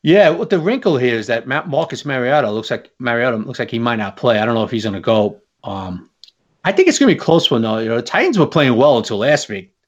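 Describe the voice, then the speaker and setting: A man co-hosting a sports podcast in casual chat, laughing often and filling pauses with "uh.". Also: mid-range voice, sing-song, lo-fi sound. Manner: laughs often, trails off with fillers. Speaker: podcast co-host.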